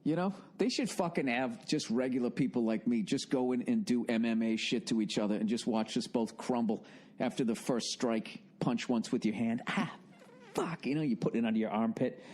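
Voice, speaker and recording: A man's voice: mid-range voice, normal speed. A man in his forties with an American accent, hosting a podcast with a rambling, profane comedic monologue. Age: 40s. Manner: profane, animated storytelling with frequent restarts. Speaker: podcast host.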